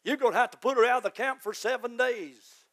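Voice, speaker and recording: A man, a pastor, preaching a fervent sermon that rises to shouts. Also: very high-pitched, fairly quick.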